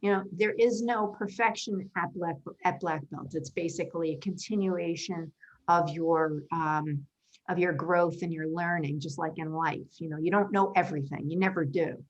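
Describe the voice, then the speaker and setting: A woman in her fifties speaks as a guest in a video-call interview. She is earnest and thoughtful, explaining at length. Her voice sits a little low. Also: steady tone, moderate pace, muffled recording. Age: 50s. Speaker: interview guest, designer and karate black belt. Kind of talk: conversational interview answers.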